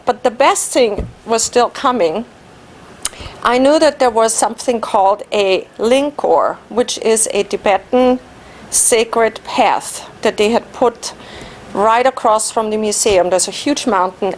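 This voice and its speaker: A fairly high-voiced woman, a native German speaker, tells a personal adventure in an animated, self-mocking way. There is a faint steady hiss under the speech. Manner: animated storytelling, laughing at herself. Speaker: Toastmasters speaker. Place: club meeting room.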